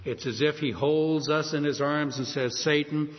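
A man preaching a sermon, telling a story with animated delivery and acting out the voices of the people in it. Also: on the high side, moderate pace, hardly any pauses. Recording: dull sound in a hall with long reverb.

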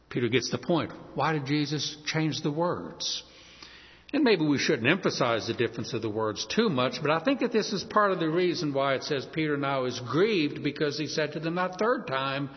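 A man's voice: on the high side, big pitch swings, normal speed. A man preaching a sermon, emphatic, with a voice that rises and falls. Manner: emphatic, rising and falling. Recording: dull lo-fi audio in a long-reverb hall.

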